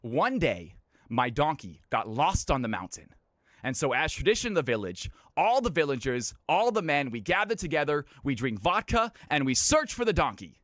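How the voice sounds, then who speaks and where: A man's voice: on the high side, sing-song, normal speed, fairly bright tone, no room sound, studio quality. A man voicing an earnest old village farmer.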